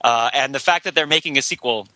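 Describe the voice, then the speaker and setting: A man's voice: mid-range voice, fast talker, noisy background. A man on a podcast panel talking casually and enthusiastically, laughing often.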